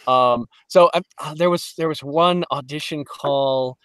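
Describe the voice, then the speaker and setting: A man from Detroit, a voice actor guest on a podcast, telling lively stories in casual chat and slipping into quick voices. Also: fairly high pitch, clean tone, dry recording, studio quality. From Detroit, Michigan. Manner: animated storyteller, slips into quick voices.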